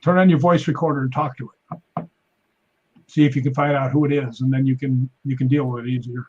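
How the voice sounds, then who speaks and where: The sound is lo-fi with a bit of background noise as a man talks briskly. He's a stuntman and paranormal investigator appearing on a podcast, casually telling animated stories and voicing quotes at a raised pitch.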